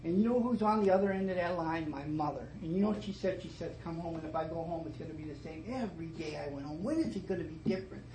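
A middle-aged man telling his story at a twelve-step meeting, starting low and emotional and rising to fervent emphasis, with many repeated phrases. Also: fast, hardly any pauses, dark tone. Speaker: recovering alcoholic sharing his story. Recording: echoey meeting room, faint noise.

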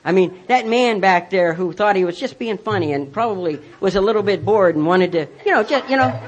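A man's voice: high-pitched, animated, a little fast, muffled recording, noisy background. A man telling a personal recovery story in a rambling way, full of restarts and self-mocking humor. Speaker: speaker sharing his recovery story.

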